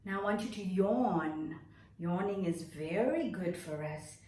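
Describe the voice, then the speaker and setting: A woman drama teacher leading a nursery class online, giving slow, drawn-out instructions and stretching each word in a cheerful, encouraging way for small children. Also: lowish voice, lively intonation, a little mellow, distant mic. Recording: echoey room, voice away from mic.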